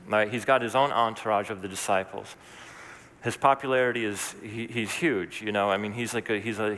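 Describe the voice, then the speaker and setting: A man's voice: medium pitch, pushed and bright, in a large hall. A man preaching a sermon as pastor, talking in a conversational, earnest way with asides and restarts.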